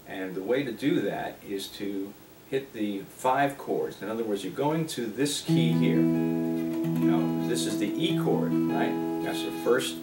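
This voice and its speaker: Guy teaching guitar real slow and easy, roomy sound, loud guitar strumming under him. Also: lowish voice, far from the mic. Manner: unhurried, explains while playing, breaks into singing. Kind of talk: relaxed guitar lesson, talking and singing along. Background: his own guitar playing.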